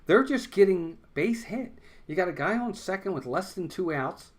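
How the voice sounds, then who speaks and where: A man's voice: sits high, animated, normal speed. A man hosting a fan watch-along stream, calling baseball play-by-play and insisting on his points over and over.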